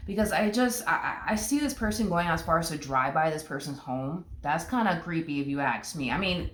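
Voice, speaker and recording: A woman's voice: low-pitched, animated, fairly quick. A woman giving a casual tarot reading, blunt and emphatic, repeating her points and swearing freely. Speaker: tarot reader. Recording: roomy echo.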